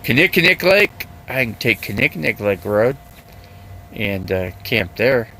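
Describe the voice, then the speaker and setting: A man's voice: medium pitch, sing-song, a little slow, pushed and bright, slight background noise. An older man talking casually and at length on his live stream, chatty and repetitive, with lots of fillers as he wanders from point to point. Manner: rambling, chatty, repeats himself, heavy use of fillers. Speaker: RV vlogger. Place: living out of an RV.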